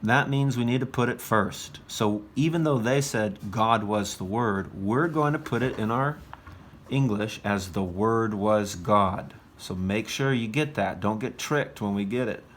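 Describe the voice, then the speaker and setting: A man's voice: fairly low pitch, a little slow, a bit bright, a little hiss or hum. A man demonstrating a classroom lesson as a teacher trainer, patiently drilling phrases aloud and encouraging the class.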